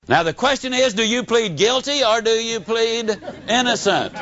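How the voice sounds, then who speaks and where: A man giving a motivational speech, telling folksy stories with dramatic swings in pitch and pace. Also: sing-song, moderate pace, fairly bright tone. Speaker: motivational speaker. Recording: dull lo-fi recording.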